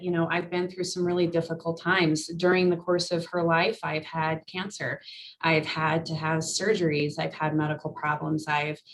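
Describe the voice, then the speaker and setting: A woman on a panel telling a personal story in a candid, halting way. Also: lowish voice, fairly bright tone, slight background noise, poor audio.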